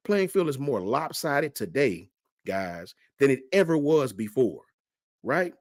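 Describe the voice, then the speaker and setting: A man's voice: mid-range voice, unhurried, no echo, clean studio sound. A middle-aged man hosting a fan channel livestream, ranting with passion in colloquial talk and reading out chat messages. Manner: impassioned, lively, colloquial Southern.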